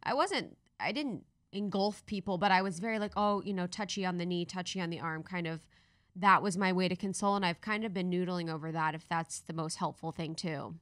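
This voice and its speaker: A woman's voice: on the low side, brisk, fairly bright tone, no room sound, clean studio sound. A woman podcast host with an American accent, chatting casually and thinking aloud with fillers. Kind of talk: podcast conversation.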